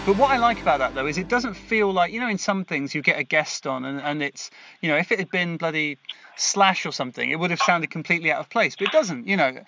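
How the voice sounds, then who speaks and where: A man with a southern English accent hosting a podcast interview, enthusiastic and quick to laugh. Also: a little high, sharp tone, highs cut off, soft background music. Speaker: podcast host. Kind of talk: casual interview chat.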